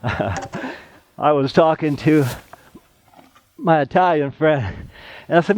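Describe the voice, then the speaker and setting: Middle aged plaster guy, kinda high voice, rambles on while he works, dry dull audio. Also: lively intonation, slow pace, pauses often, a little mellow, no room sound. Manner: rambling, chatty, tells side stories. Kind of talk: casual how-to demonstration.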